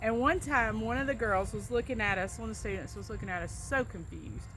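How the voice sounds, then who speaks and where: A woman's voice: fairly high pitch, a little fast, fairly bright tone, a little hiss or hum. Chatty Southern US woman. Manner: chatty, laughing, storytelling. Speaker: vlogger doing an accent tag. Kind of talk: casual chat.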